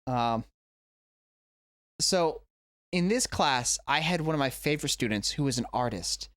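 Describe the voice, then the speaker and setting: A man's voice: medium pitch, lively intonation, a little slow, fairly bright tone, dry recording, clean studio sound. A man, an English teacher, talking through a reaction video at home in a rambling, self-correcting way. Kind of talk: casual reaction vlog. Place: indoors at home.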